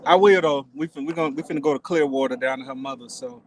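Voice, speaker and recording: Brief: relaxed male co-host, slightly high voice, casual slang. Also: quick pace, slight background noise. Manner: laid-back, slangy. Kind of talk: casual group chat.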